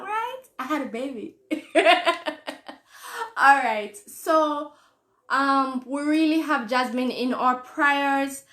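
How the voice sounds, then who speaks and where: A Jamaican woman hosts a live-stream show, reading viewer comments and answering them in an earnest, conversational tone. Her voice sits fairly high, and she repeats phrases for emphasis. The room around her adds a noticeable echo. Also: a bit bright. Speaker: host. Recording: roomy echo.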